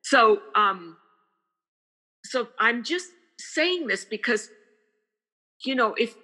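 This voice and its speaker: A woman's voice: fairly high pitch, lively intonation, takes it slowly, pushed and bright, breathy edge, big-room sound. An older woman, a guest in a casual interview, speaking earnestly and repeating phrases for emphasis. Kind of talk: casual conversation.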